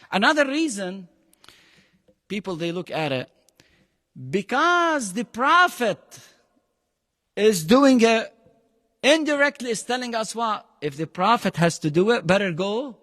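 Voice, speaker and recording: A man's voice: high voice, very animated, takes it slowly, long pauses, fairly bright tone, big-room sound. A man teaching a Quran lesson, emphatic, often quizzing his class and mixing phrases into his English. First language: Arabic. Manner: quizzes the class with frequent questions.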